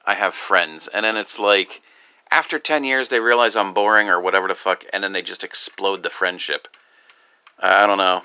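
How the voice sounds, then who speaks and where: A grieving, upset man talking in a rambling personal vlog, halting and profane, with many restarts. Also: sits low, sharp tone, clear, resonant tone. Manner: halting, profane, full of restarts and "you know". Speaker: video creator.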